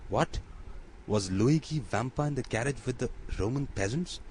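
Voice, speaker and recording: A man reads an earnest young gentleman who presses his point with persuasion. His voice stays low. Faint noise runs under the audiobook recording. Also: fairly quick, lightly acted, poor audio.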